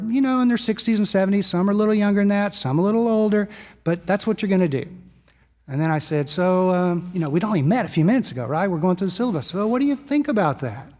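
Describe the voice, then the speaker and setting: A male pastor preaching in a conversational storytelling manner. His voice sits a bit high for a man, and a long church reverb trails each phrase in the sanctuary. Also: a little mellow. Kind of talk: sermon.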